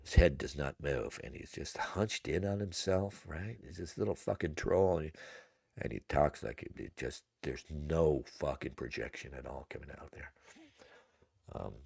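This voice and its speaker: A man's voice: rumbling low, moderate pace, creaky, a little mellow, breathy edge. A man hosting a livestream, talking in a rambling, casual way, with many fillers and much cursing. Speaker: livestream host.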